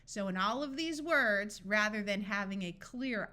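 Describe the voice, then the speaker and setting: A woman teaching a phonics lesson, reading words slowly and clearly one by one. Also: mid-range voice, expressive, sharp tone. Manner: slow, clearly enunciated word-by-word reading. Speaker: phonics tutor. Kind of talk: scripted phonics lesson narration.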